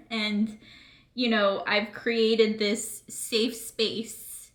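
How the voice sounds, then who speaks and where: A woman's voice: a little high, little pitch movement, extremely slow, fairly bright tone, roomy sound. A woman vlogging emotionally, teary and earnest, rambling with lots of fillers as she talks to her viewers. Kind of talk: emotional personal vlog. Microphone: camera mic.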